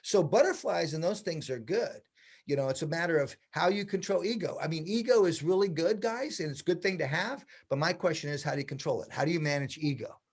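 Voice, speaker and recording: A man in his sixties with a fairly high voice tells stories from his career in a relaxed interview. He is animated and acts out the remarks of people he quotes. He sounds like a practiced teacher speaking to other stylists. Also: brisk, slightly rough. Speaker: hairdressing educator, guest. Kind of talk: casual interview storytelling.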